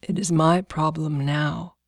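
A woman's voice: lowish voice, slow, gravelly, darkish tone, husky, no room sound, heavily acted. A woman voicing a tall, blunt woodcutter in a storybook reading, with a dry, weary manner. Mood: grave.

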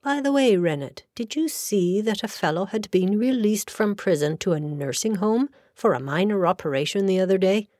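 A woman's voice: mid-range voice, animated, moderate pace, hardly any pauses, darkish tone, no room sound, clean studio sound, close to an everyday voice. A woman voicing a brusque young male lawyer who speaks rudely and sardonically, in an audiobook. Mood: thoughtful. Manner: blunt, sardonic.

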